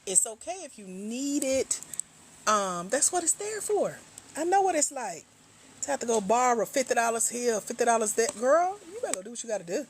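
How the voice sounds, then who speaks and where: A middle-aged woman hosting a casual livestream, a grant coach who chats with viewers in a teasing, slangy, relaxed way while walking around at home, a little tired. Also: fairly high pitch, normal speed, slight background noise. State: tired, low energy.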